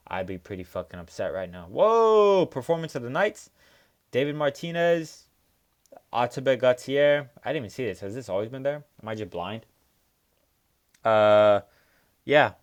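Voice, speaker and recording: A young man with a lowish voice talks through fight results on his own, casual and loose. He swears often, trails off into fillers and works himself up into heated rants. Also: clean tone. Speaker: MMA recap host. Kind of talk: casual solo commentary.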